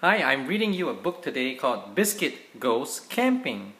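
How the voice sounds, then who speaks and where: A father reading a children's picture book aloud to his kids in a gentle, playful, animated way. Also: mid-range voice, normal speed.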